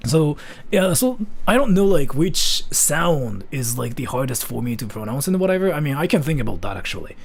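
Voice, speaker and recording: A man's voice: mid-range voice, moderate pace, gravelly. A man from Japan chatting casually with his stream chat, rambling with lots of fillers. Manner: loose and rambling, many fillers, lively ups and downs. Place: VR chat room.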